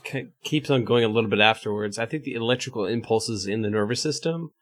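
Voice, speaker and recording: A man's voice: on the low side, fast talker, fairly bright tone. A man co-hosting a podcast, chatting casually with earnest explanations and hesitant fillers, then reading the outro. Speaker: podcast co-host. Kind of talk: casual chat.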